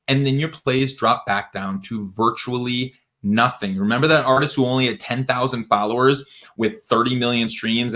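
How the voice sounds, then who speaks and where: Energetic man giving a livestream talk. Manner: energetic, emphatic, swings from low asides to bright exclamations. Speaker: music industry educator.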